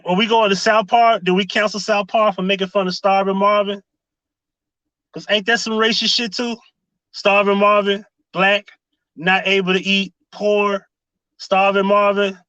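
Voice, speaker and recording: Male streamer, high bright voice, sarcastic questions, dry close sound. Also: no room sound, lo-fi sound. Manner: sarcastic rhetorical questions, greets chatters. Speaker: livestream commentary host. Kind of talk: casual live-stream commentary.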